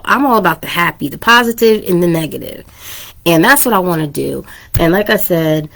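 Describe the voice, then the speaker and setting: A woman's voice: lowish voice, vocal fry. Earnest woman host in her thirties. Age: 30s. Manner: earnest and emotional, with laughs. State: teary. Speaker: podcast host. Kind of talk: casual personal talk to listeners.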